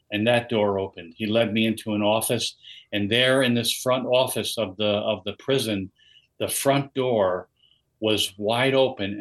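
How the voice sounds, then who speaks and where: An older man recounts his life story as an interview guest. His voice sits low and stays fairly level. He tells it earnestly, often quoting what others said. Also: a bit bright, low-quality recording. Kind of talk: personal testimony in a podcast interview.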